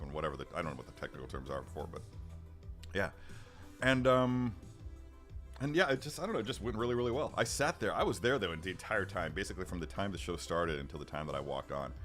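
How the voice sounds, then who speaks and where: On a studio mic, with faint background music, a deep-voiced middle-aged livestream host chats casually with his live chat. His tone is fairly bright, and he rambles with many restarts and chuckles.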